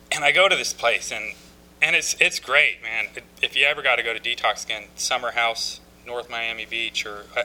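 A man with a very bright, sharp-edged voice tells his recovery story to a group. He speaks haltingly, often restarting his sentences, and mocks himself with wry humor along the way. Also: mid-range voice, a little hiss or hum, poor audio. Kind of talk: personal testimony talk.

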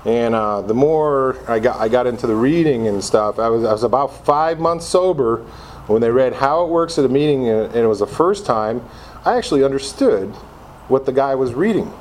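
A man's voice: mid-range voice, expressive, moderate pace, darkish tone, a little hiss or hum. A middle-aged man from Connecticut sharing his own story with a group in a casual, self-mocking way, acting out his old reactions as he goes. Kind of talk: personal recovery talk to a group.

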